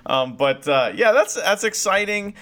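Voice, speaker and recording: A man's voice: high-pitched, lively intonation, measured pace, a bit bright. A man co-hosting a podcast, rambling through casual wrestling chat and swearing freely. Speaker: podcast co-host.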